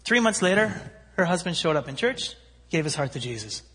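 A man preaching, telling a story with animated voices for its characters. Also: on the high side, a little fast, husky. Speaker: pastor. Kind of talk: sermon storytelling. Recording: long hall reverb.

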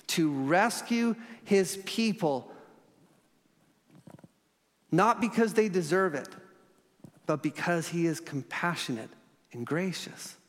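Earnest preaching man in a reverberant hall. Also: a little high. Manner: earnest, with slow emphatic pauses and sudden soft drops. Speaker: pastor. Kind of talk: sermon.

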